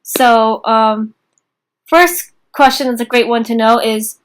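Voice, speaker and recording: A young woman teaching a casual beginner class in an informal, chatty way, slowing down to repeat phrases. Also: a little high. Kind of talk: casual online lesson.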